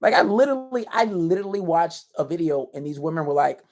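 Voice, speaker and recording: A man's voice: a little high, lively intonation, fast, darkish tone. Blunt, self-assured man giving dating advice. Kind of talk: casual advice monologue to camera.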